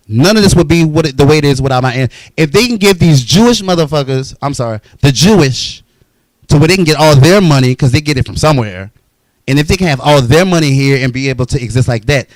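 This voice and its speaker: A man's voice: mid-range voice, no echo, rough recording. A man telling his own life story in a blunt, profane, heated monologue.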